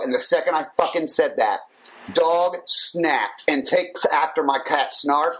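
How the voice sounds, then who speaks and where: Profane, animated man telling a story. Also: a little high, a little slow, low-quality recording. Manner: profane, animated storyteller who laughs often. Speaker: podcast co-host. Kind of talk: casual chat.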